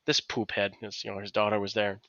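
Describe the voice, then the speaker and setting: A man's voice: lowish voice, completely flat delivery, a little fast, fairly bright tone, no echo, muffled recording. A man co-hosting a podcast, telling a long anecdote in casual chat, rambling with many restarts and acted-out quotes. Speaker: podcast co-host.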